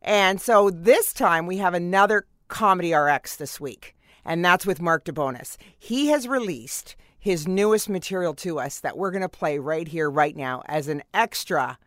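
A woman's voice: deep voice, moderate pace, fairly bright tone, dry recording, studio quality. A woman hosting a radio comedy show, reading a scripted introduction in an upbeat announcing style. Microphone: studio mic.

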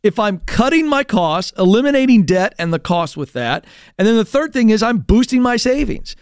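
A fired-up male talk radio host with a high voice that leaps all over the place. He talks in a quick, animated way and slips into mocking impressions of other people. The sound is close and dry, with no room around it. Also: clear, resonant tone, no room sound. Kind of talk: energetic talk radio commentary.

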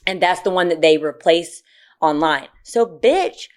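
A woman in casual podcast chat, telling stories loudly and profanely, with sudden shrieks of laughter. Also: on the low side, a little slow. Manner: loud animated storytelling, profane, bursts into shrieking laughs. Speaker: podcast co-host.

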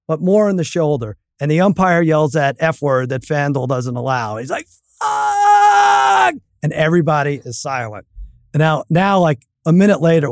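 A man co-hosting a casual podcast, telling stories with animated outbursts and acted-out quotes. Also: on the high side, no echo, studio quality. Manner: animated storyteller, acts out loud outbursts. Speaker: co-host.

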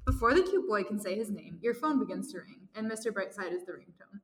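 A young woman co-hosting a casual podcast, giggling and reading her own fan fiction aloud quickly. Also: mid-range voice, expressive, fairly bright tone. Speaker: podcast co-host. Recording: echoey room with long reverb.

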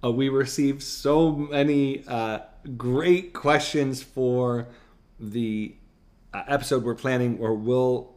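A man's voice: mid-range voice, fairly even intonation, takes it slowly, a little mellow. A man co-hosting a podcast, talking casually with lots of uh fillers and joking around. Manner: jokey, laughs often, filler-heavy. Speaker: podcast co-host.

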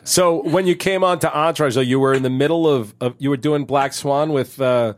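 A man's voice: mid-range voice, fairly quick. A man co-hosting a podcast, asking questions in an enthusiastic, easygoing way and laughing along. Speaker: podcast co-host. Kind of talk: casual podcast interview.

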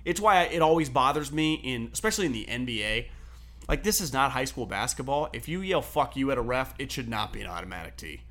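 A man co-hosting a sports talk show, telling stories in an animated, profane way and laughing often. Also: medium pitch, a little fast. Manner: animated storyteller, swears freely, laughs often. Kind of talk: casual sports debate chat.

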